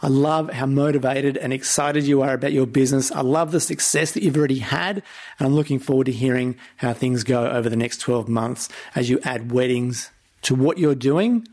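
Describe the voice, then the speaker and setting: A man's voice: medium pitch, a little mellow. A man hosting a podcast interview, upbeat and effusive as he thanks his guest. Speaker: podcast host.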